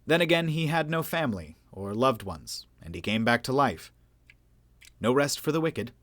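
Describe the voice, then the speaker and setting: A man's voice: mid-range voice, expressive, normal speed, fairly bright tone, no room sound. Man narrating an audiobook, dry.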